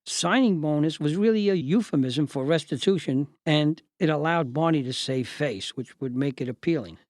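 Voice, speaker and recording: An older man hosting and narrating a memoir story in a measured, deliberate, lawyerly way. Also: a little high, animated, darkish tone, dry recording. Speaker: host and narrator.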